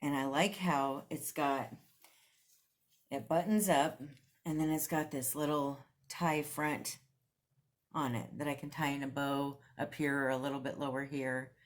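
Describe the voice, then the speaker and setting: Low-voiced chatty woman vlogger. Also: fairly even intonation, a little slow. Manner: chatty and enthusiastic, laughs often. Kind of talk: casual thrift haul and try-on chat.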